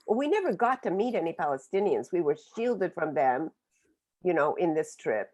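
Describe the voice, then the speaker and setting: A woman in her seventies with a somewhat low voice recounts her own past in an earnest, reflective manner. She pauses and restarts often while she gathers her thoughts. She sounds as if she is speaking over a video call. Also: big pitch swings, darkish tone. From Oklahoma, USA. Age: 70s. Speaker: book author speaking on a webinar. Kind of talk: personal storytelling.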